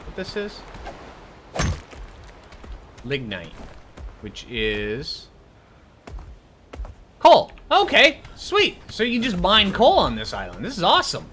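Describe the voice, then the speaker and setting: A man's voice: sits high, wildly swooping pitch, slow, pauses often, sharp tone, a little hiss or hum. A man hosting his own gaming channel, chatting casually and upbeat as he plays. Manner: upbeat, chatty, talks to himself while playing. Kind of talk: casual gameplay commentary.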